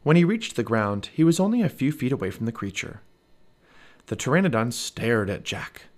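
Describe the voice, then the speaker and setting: Dad reading a kids chapter book out loud, mid voice, super lively pitch. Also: male voice, moderate pace. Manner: expressive read-aloud delivery. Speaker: parent reading aloud. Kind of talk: storybook narration.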